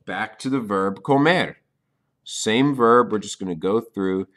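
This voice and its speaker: A man's voice: on the low side, a little slow, fairly bright tone. A man teaching a beginner's language lesson on video, explaining step by step and checking in often with "okay?". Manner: repeats key points for beginners. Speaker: Spanish teacher.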